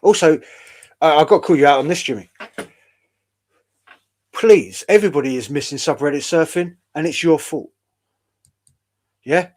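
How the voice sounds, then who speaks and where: A man's voice: a little high, moderate pace, long pauses, darkish tone. Man, online show host, rambling and wry, swears freely. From United Kingdom. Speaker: podcast host. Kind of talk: casual chat.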